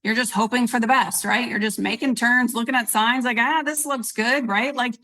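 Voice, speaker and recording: A woman's voice: a little high, fairly even intonation, fairly quick, pushed and bright, rough recording. A woman co-hosting a podcast, chatting casually and leaning on analogies. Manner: chatty, uses analogies, frequent agreement. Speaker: podcast co-host.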